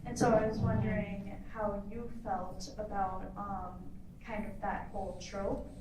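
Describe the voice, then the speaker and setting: A woman's voice: medium pitch, little pitch movement, unhurried, a loud crowd. A woman in the audience asking a question hesitantly, with many fillers. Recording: roomy hall from far off, noisy.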